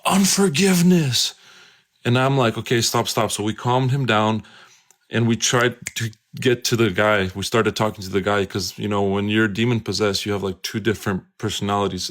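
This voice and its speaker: A preacher telling a personal story in an earnest, emphatic way and urging listeners directly. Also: male voice, lowish voice, a bit bright. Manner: earnest and emphatic, urgent appeals.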